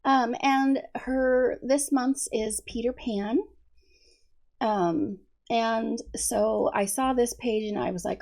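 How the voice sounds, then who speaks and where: Slow, gravelly-voiced woman coloring host. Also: fairly high pitch, steady tone, darkish tone. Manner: chatty, many ums, giggles often. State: hoarse from allergies. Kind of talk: casual coloring chat.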